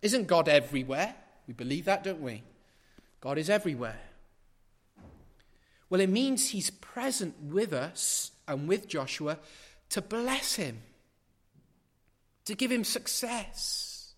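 A middle-aged man preaching in a church, his fairly high voice carrying with a long hall reverb. He is emphatic and drives his points home by repeating phrases. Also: very animated, slow pace, pauses often. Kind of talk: sermon.

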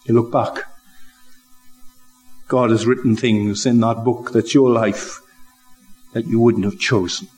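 An older man preaching a sermon, slow and reflective, building to emphatic rises. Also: mid-range voice, steady tone, darkish tone, husky, faint music behind, poor audio. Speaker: pastor.

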